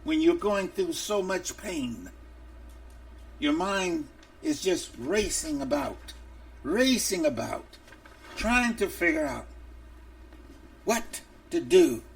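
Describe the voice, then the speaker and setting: A man's voice: fairly high pitch, gravelly, distant mic. A male preacher delivering an impassioned, emphatic sermon for a podcast, openly angry.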